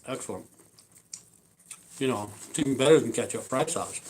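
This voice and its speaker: A man chatting on a home live stream, rambling from one thought to the next. His talk is loose and full of "you know" and "uh" as he eats. His voice sits at an ordinary middle pitch. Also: normal speed, a little mellow, slight background noise, poor audio. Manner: rambling, with many fillers and asides. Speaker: vlogger.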